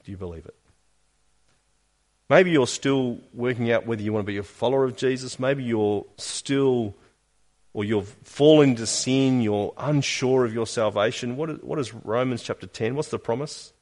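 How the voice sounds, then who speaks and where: A man preaching a sermon as pastor, earnest and questioning, with emphatic rises and quiet drops. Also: mid-range voice, moderate pace.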